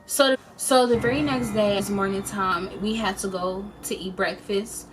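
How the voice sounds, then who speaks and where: A young woman talks straight to her viewers in a loose storytime vlog. Her voice is mid-pitched, and she throws herself into the telling with slang and acted-out quotes. Music plays softly behind her. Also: normal speed. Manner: animated, expressive retelling with slang and quoted voices. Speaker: storyteller vlogger. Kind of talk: casual storytime.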